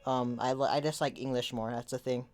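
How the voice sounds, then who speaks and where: A woman co-hosting a podcast, telling a story in casual chat with lively, profane delivery that swings from loud to quiet. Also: a little fast, soft background music. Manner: animated, profane storytelling, shifting from loud to low. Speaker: podcast co-host.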